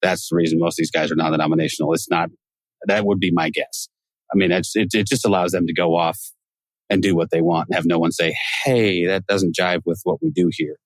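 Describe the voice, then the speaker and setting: Casual male podcast host, low voice, dry close sound, chatty and joking. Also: steady tone, fast talker, no room sound. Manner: chatty, joking, laughs often. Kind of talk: casual conversational interview.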